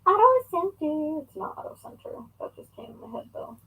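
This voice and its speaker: A woman's voice: high voice, very animated, fairly quick, a bit bright, low-quality recording. A young woman chatting casually in a crafting vlog at home, rambling and talking to herself and her pet as she works. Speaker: crafting vlogger.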